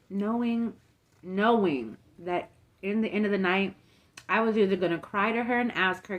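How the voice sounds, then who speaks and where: In a casual mukbang storytime, a young woman chats while eating, her speech full of fillers as she acts out the people she quotes. Her voice sits at medium pitch and moves at a moderate pace.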